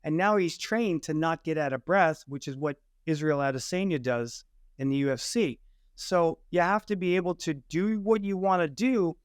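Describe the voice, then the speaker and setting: A man explaining breathing as a podcast guest, his voice fairly high and very smooth. He speaks in firm, declarative statements, and the recording is dry and close. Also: no echo. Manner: assertive, declarative teaching. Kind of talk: explanatory interview answers.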